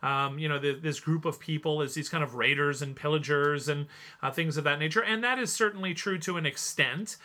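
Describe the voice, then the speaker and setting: A man's voice: on the high side, brisk, sharp tone. A man hosting a podcast, giving a casual, rambling spoken review with plenty of fillers. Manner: chatty, rambling, many fillers. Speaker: podcast host.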